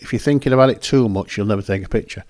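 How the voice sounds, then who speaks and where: Racing along in a fairly low, darkish voice, the host gives casual commentary over his photos. He's rambling and chatty, correcting himself often, in a dry recording with clean studio sound.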